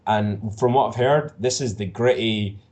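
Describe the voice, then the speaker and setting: A man co-hosting a podcast who talks about films in an animated, excitable way and swears freely. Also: lowish voice, measured pace. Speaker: podcast co-host. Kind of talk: casual podcast chat.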